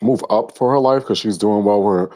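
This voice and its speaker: A man's voice: fairly low pitch, a little fast, a little mellow. A man calling in to a show, giving his opinions with frequent hesitations. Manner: hesitant, many ums. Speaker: caller. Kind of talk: casual phone-in opinion.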